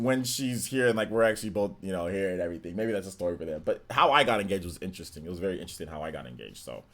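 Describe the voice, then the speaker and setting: Guy in his 30s rambling on his live stream, voice goes all over the place, keeps laughing. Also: mid-range voice. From United States. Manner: animated, talkative, laughs often, reads chat aloud. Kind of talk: casual live stream chat.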